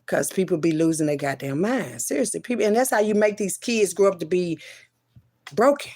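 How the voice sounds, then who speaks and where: A woman telling an emotional personal story as a mother, profane and emphatic, swinging between loud outbursts and low murmurs with many repeated refusals. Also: animated, brisk.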